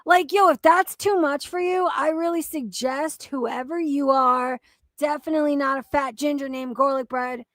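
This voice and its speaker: A woman's voice: sits high, fairly even intonation, moderate pace, fairly bright tone, no echo. A young woman hosting a reaction commentary video, ranting in a profane, exasperated and mocking way. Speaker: commentary channel host.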